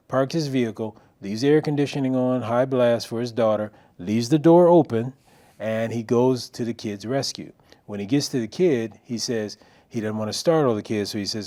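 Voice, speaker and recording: Animated middle-aged male storyteller. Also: fairly low pitch. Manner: animated storyteller acting out quotes. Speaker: speaker on a local talk show. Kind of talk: storytelling talk.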